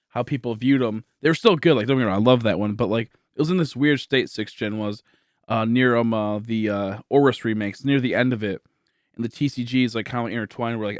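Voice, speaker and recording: The speaker is a young livestream host from Michigan, USA, tired and rambling in a casual chat packed with fillers and restarts. His mid-range voice comes through at studio quality, with no echo.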